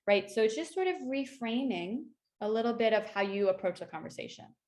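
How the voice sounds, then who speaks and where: A woman's voice: fairly high pitch, fairly quick, hardly any pauses. Woman coaching a workshop, conversational. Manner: conversational, coaching tone with frequent "right?" and "you know". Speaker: workshop facilitator. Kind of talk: online workshop presentation.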